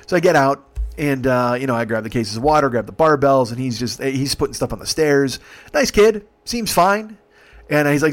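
A man's voice: mid-range voice, fast talker. A man with an ordinary mid-range voice tells a long comic story in a loose, rambling way. He swears often and slips into the other people's lines as he goes. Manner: rambling, profane, acts out dialogue. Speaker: podcast host, rideshare driver.

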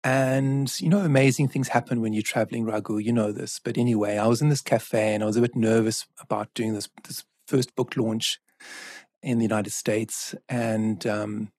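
A man speaks in an earnest, measured way, with a husky grain to his voice. He tells a story as a guest in conversation. The recording is dry and close. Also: on the low side, steady tone, darkish tone, no room sound. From South Africa. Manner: earnest, measured, with frequent restarts and asides. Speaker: author and guest.

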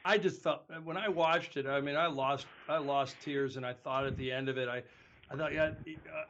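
A man's voice: mid-range voice, steady tone, normal speed, fairly bright tone, dull audio. A man hosting an interview, eager and heartfelt as he asks about stories. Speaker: host. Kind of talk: casual interview.

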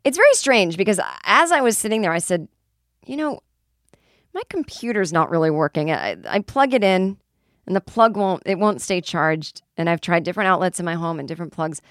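Woman comic rambling thru a story on her podcast, kinda low voice, dry no-room sound, swears a bit. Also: lively intonation, a little fast, dry recording. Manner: rambling, self-deprecating, swears casually. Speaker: comedian podcast host.

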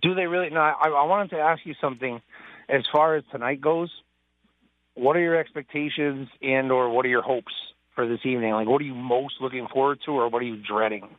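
A man's voice: medium pitch, brisk, no echo. A man calling in to a radio show, speaking earnestly in slightly formal phrasing. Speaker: caller. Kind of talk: phone call to a radio show. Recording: tinny phone line.

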